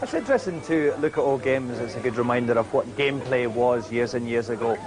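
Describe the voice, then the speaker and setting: A man's voice: mid-range voice, animated, a little fast, music in the background. A man in his twenties from Britain, presenting old games with jokey, self-mocking nostalgia. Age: 20s. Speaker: guest presenter. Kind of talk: reminiscing presentation to camera. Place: retro games exhibition in a shop.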